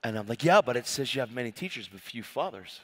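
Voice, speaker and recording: A man preaching a storytelling sermon, animated and often laughing as he acts out conversations. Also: medium pitch, fast. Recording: long reverb of a hall.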